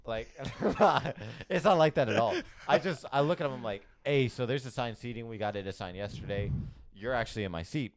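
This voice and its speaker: A man's voice: mid-range voice, fairly quick. A young man on a casual podcast, telling a story with lots of laughs, swearing and quoted dialogue. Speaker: podcast co-host.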